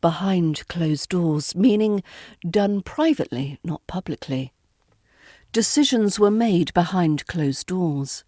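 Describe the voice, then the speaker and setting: A woman with a British RP accent teaching pronunciation in a deliberate, scripted lesson, modelling each word clearly. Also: lowish voice, lively intonation, warm tone, dry recording, clean studio sound. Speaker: accent coach.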